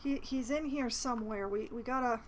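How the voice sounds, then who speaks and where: A woman's voice: on the high side, fairly quick, slight background noise, rough recording. A woman casually commentating her playthrough of a fantasy role-playing game at home, chatting and reading dialogue aloud. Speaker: game streamer. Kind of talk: casual let's-play commentary. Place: apartment at home.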